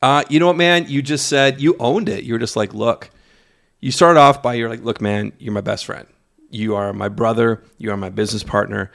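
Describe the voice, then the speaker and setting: A man co-hosting a casual office podcast, telling a lively story and acting out the lines of the people in it. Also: medium pitch, moderate pace, vocal fry. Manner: lively storyteller, acts out quotes. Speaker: podcast co-host. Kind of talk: casual chat. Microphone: studio mic in an office.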